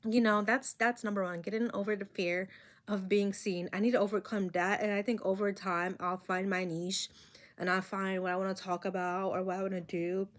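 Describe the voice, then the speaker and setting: A woman's voice: mid-range voice, little pitch movement, fairly quick. A young woman vlogger with a slight accent of her own, talking to her camera in a rambling, candid and self-conscious way. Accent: own non-American accent. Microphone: camera mic.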